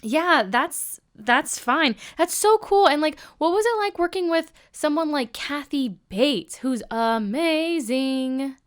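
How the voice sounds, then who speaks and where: A woman's voice: high-pitched, animated, takes it slowly, hardly any pauses. A woman hosting an interview, chatty and enthusiastic, leaning on "like" as she talks. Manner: chatty, enthusiastic, many "like" fillers. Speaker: podcast host. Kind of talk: casual interview chat.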